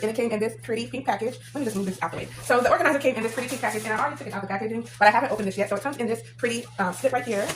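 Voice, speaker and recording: Woman, vlogger; quick, excited unboxing chatter, slightly high voice. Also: poor audio. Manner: chatty, excited, many fillers, says "y'all". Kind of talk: casual unboxing vlog.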